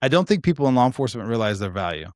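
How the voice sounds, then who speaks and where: A man's voice: mid-range voice, rapid-fire, dry recording, studio quality. A man in his forties chatting casually on a podcast, telling stories with lots of swearing and acting out what other people said. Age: 40s. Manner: animated storyteller, acts out quoted dialogue, swears freely. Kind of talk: casual chat.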